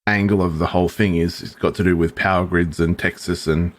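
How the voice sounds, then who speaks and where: A man's voice: deep voice, steady tone, fairly quick. A man co-hosting a podcast in casual chat, loose and jokey with lots of fillers. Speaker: podcast co-host.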